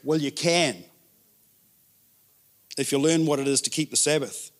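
Guy preaching a sermon, pretty high voice, gets animated and repeats stuff for emphasis. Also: unhurried. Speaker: pastor.

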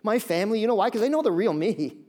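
Male pastor with a high-pitched voice, preaching with lively acted asides and repeated phrases. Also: fast. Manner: animated, acts out voices of listeners; repeats key phrases for emphasis. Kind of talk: sermon.

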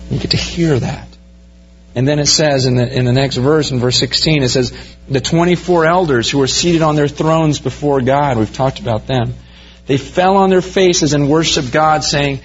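A man preaching a sermon verse by verse, growing animated as he pictures the scene for his listeners. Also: on the high side, normal speed, breathy edge, dull audio. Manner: animated, rising to excited storytelling. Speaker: pastor.

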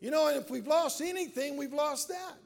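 A man preaching a sermon as pastor, building to loud shouted call-and-response. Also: very high-pitched, a little fast, creaky.

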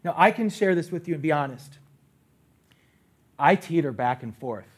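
A middle-aged man, a pastor, preaching a sermon on a church stage, swinging from loud bursts to quiet asides. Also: fairly high pitch, expressive, moderate pace, slightly rough.

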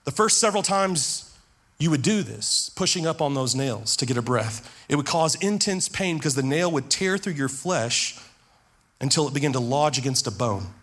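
A male pastor delivers a sermon in a voice pitched well above most men's. He preaches earnestly and often repeats a word or restarts a phrase as he presses a point. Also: a bit bright. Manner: earnest preaching, stumbles and repeats words when stressing a point.

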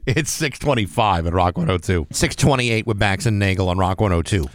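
A man's voice: low-pitched, brisk, no echo. A man co-hosting a morning radio show, dry and teasing, with frequent fillers. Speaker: radio co-host. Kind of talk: casual morning radio banter. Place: radio studio. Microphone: studio mic.

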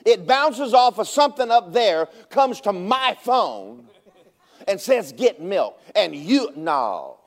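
High-voiced pastor preaching. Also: male voice, takes it slowly. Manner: animated storytelling, rises to shouting at peaks. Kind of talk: sermon.

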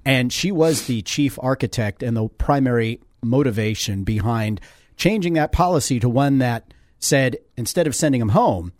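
A man's voice: mid-range voice, animated, normal speed, dry recording. A man hosting a casual radio interview show from a studio, teasing his guest and reading sponsor copy.

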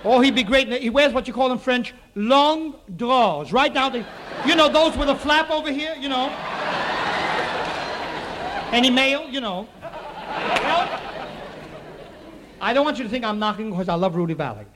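A man telling a comic stage monologue to a live audience, with quick wisecracks and asides to the crowd. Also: extremely high pitch. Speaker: comedian and radio show host. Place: theater studio with live audience. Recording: faint noise on an old radio recording.

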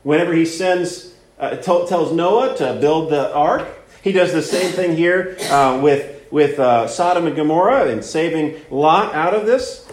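A man's voice: a little high, unhurried, a little hiss or hum. A man preaching a sermon that teaches through a Bible passage, earnest, repeating words and leaning on fillers as he explains. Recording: roomy echo.

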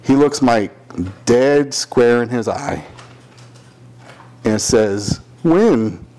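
A man's voice: medium pitch, drawn-out words. A man telling a work story in casual chat, swearing often and acting out the quotes in raised voices. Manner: profane, animated, acts out quotes in raised voices.

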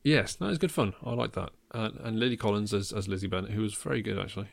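A man's voice: on the low side, fast talker, gravelly, dry recording. A man hosting a casual film podcast, talking in a wry way with many ums and chuckles at his own jokes. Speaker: podcast host.

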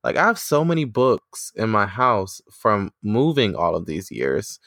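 A woman's voice: rumbling low, big pitch swings, unhurried, a bit bright, no room sound, studio quality. A woman in her twenties, a teacher co-hosting a podcast, chatting casually and laughing often.

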